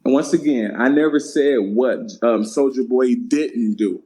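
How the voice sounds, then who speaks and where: A man making a closing argument in a podcast debate, steady and measured, ending his points firmly. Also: mid-range voice.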